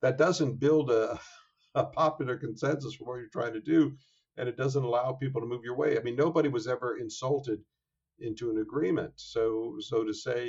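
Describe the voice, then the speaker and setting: A man being interviewed as an author, talking in a measured, thoughtful way with frequent fillers and restarts. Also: medium pitch, a little mellow. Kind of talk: interview conversation. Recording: dull lo-fi sound.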